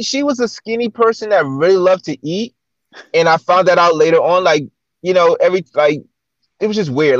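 A man with a fairly high voice hosts a casual chat and tells stories in a lively way, playing out the lines he quotes. The recording is slightly dull and dry, with no room sound. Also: no echo. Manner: animated, acts out quoted dialogue. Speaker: guest host. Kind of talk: casual storytelling.

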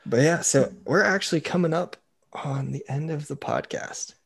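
A man's voice: a little high, normal speed, gravelly, slightly rough. Easygoing man co-hosting a podcast. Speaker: podcast co-host. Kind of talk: casual chat.

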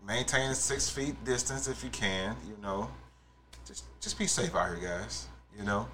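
A man's voice: medium pitch, moderate pace, fairly bright tone, a little hiss or hum. A man co-hosting a casual chat, laid-back and reflective, often trailing off and restarting. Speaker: podcast co-host.

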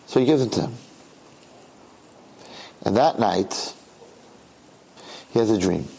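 Husky-voiced man telling a sermon story. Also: lowish voice, lively intonation, slow pace, mellow, poor audio. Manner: conversational, repeats himself, asks listeners questions.

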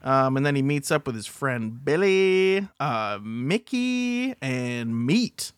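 A man hosting a podcast, recapping a film in casual chat with halting restarts. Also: medium pitch, clean tone, dry recording. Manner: animated, halting storytelling with restarts. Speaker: podcast host.

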